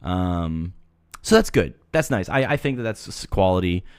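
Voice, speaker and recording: A man's voice: low voice, lively intonation, normal speed, clean tone, no echo, studio quality. A man giving mock-serious commentary on a video, lecturing earnestly with playful asides. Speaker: video reviewer.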